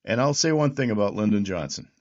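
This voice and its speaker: A man in his sixties hosts a reflective, history-minded political commentary monologue, rambling with restarts and repeated words. His lowish voice is animated and quick, and the recording has a lo-fi sound.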